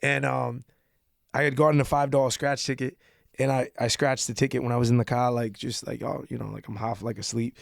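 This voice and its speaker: A man with a Boston accent, a podcast guest telling a drinking story in a rambling, halting way full of fillers. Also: medium pitch, little pitch movement, creaky, no echo, clean studio sound. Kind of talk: casual chat.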